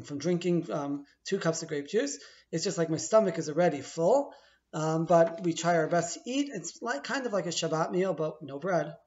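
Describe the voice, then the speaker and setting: A middle-aged teacher, playful and chatty, explains a holiday ritual piece by piece in a laid-back video, occasionally stopping to say things differently. His voice leans high and a little mellow, and the audio sounds dull.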